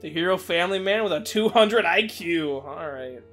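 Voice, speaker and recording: An excitable let's-play host chatting casually over gameplay, with a pitch that leaps around as the reactions come. Faint guitar music plays behind the voice. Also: moderate pace. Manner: excitable, many "like" fillers, swaps swears for "floof".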